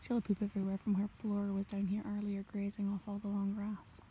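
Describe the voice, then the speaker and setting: Walking through a field of sheep, a young woman who's both an ASMR creator and a farmer keeps up a chatty murmur in a soft half-whisper. Her medium-pitched voice is mellow, gentle and monotone, and she talks fast, with faint outdoor sound behind her.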